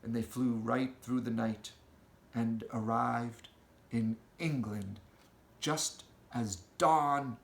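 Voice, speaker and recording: A man reading a children's storybook aloud with an expressive, storytelling delivery, in an echoey room. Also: mid-range voice, takes it slowly, creaky. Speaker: audiobook reader.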